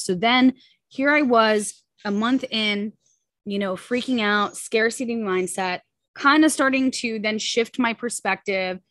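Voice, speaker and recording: A woman in her thirties talks openly as a podcast guest, rushing through her story with plenty of "like" and "you know". Her voice sits in a middle range, and the recording is close and dry with no room sound. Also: mid-range voice, fairly bright tone, no echo. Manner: candid, quick, full of likes and you-knows. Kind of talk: personal story in a casual interview.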